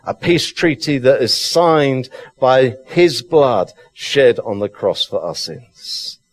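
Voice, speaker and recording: Slow, fervent male preacher. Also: medium pitch, sing-song. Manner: fervent, emphatic, slow deliberate delivery with repetition. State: excited. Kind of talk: sermon.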